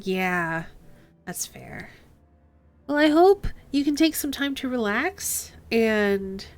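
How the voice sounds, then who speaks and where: A woman streamer chatting with her viewers and reading game text aloud, breaking into quick asides. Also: fairly high pitch, fairly bright tone. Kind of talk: casual chat with chat and game narration.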